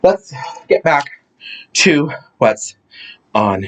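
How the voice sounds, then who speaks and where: A man from Ohio telling a funny family story in a campy, theatrical, animated way. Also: on the high side, very slow. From Ohio, USA. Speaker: comedic storyteller. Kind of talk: casual comedic storytelling vlog.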